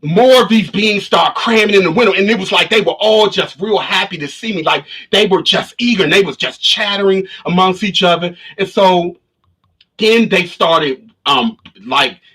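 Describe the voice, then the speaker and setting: A man's voice: high-pitched, moderate pace, pushed and bright, breathy edge. A man vlogger telling a story casually to his livestream viewers, rambling and restarting often. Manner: rambling, with many restarts and repetitions. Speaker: spiritual vlogger. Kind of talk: casual storytelling to a live stream audience. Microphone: camera of a livestream setup.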